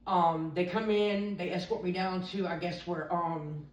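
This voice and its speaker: A woman's voice: on the low side, fairly even intonation, a little slow, lo-fi sound, slight background noise. Candid woman telling a story, roomy distant sound. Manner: rambling, quotes others' lines. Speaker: interviewee sharing a recovery story.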